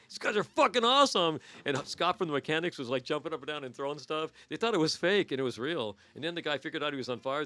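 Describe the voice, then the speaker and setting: A man in his sixties hosting a podcast, telling crude stories quickly and laughing between lines. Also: fairly high pitch, fairly bright tone. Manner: fast, crude, laughing anecdotes. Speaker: podcast host. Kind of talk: raunchy casual storytelling.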